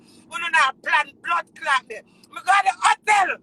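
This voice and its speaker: A woman with a Jamaican accent in a heated rant, swearing loudly and swinging between shouting and low, tearful muttering. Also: a little fast, noisy background.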